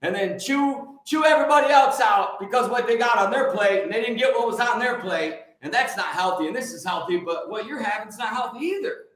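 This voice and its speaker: A man hosting a casual livestream chat, excitable and energetic, often repeating words for emphasis. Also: sits high, fairly quick, hardly any pauses, very echoey. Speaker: livestream host.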